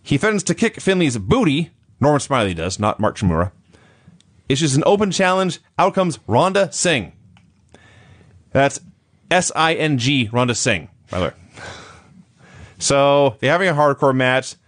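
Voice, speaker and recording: A man's voice: mid-range voice, big pitch swings, normal speed, long pauses, fairly bright tone. Dry, sarcastic male recapper. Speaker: podcast co-host. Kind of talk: casual chat, recapping matches.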